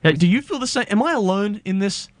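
A man's voice: high-pitched, expressive, quick pace, no room sound. An Australian man co-hosting a radio show, ranting in a playful, mock-indignant way. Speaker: radio co-host. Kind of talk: casual radio banter.

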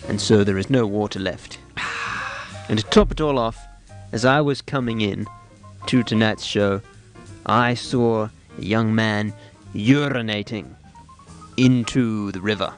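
A man hosting a comedy radio show, rambling in a mock-earnest, deadpan way. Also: on the low side, unhurried, pauses often, soft background music. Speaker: radio host.

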